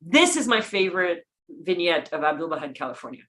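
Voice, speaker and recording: A woman's voice: fairly low pitch, big pitch swings, fairly quick, a bit bright. Enthusiastic woman teaching a history class. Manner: enthusiastic, with admiring asides and small restarts. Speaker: class presenter. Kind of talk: narrated history lesson over slides.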